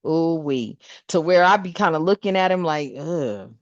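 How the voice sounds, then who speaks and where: A woman's voice: lowish voice, moderate pace, dry recording. Blunt, profane woman giving a reading. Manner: blunt, profane, animated storytelling. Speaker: spiritual reader. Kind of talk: casual spiritual reading vlog. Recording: dull, dry sound.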